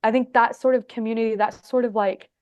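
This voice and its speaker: A woman in her thirties from Egypt and Texas, telling her story as a podcast guest in a chatty way, full of "like" and quick laughs. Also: a little high, fairly even intonation, darkish tone, no echo, muffled recording. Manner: chatty, lots of "like", laughs often. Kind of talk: casual storytelling interview.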